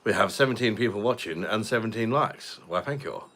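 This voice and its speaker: A man's voice: fairly low pitch, expressive, brisk, a bit bright, slight background noise. A man hosting a casual livestream, reading out viewer comments and joking while reviewing a beer. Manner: laid-back, jokey, drinks and reviews beer. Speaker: livestream host. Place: home live stream.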